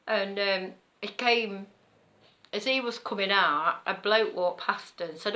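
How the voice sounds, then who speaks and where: A woman's voice: medium pitch, unhurried, pushed and bright. A middle-aged woman with an East Midlands accent, chatting casually in a rambling way as a knitting vlogger, laughing often as she tells a story. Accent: East Midlands English.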